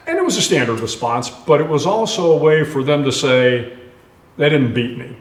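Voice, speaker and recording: A man's voice: on the high side, very animated, moderate pace, noisy background. Earnest older man telling a story in a roomy hall. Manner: earnest, anecdotal, with many restarts and fillers. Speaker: retired admiral and author, guest. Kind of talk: storytelling in a live onstage conversation. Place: live event stage.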